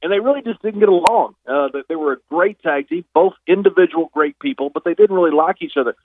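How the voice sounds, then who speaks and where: A man in his fifties telling stories as a guest on a phone interview, relaxed and chuckling now and then. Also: sits high, fast talker, slight background noise. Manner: relaxed storyteller, chuckles often. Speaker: guest, retired pro wrestler. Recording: dry tinny phone line.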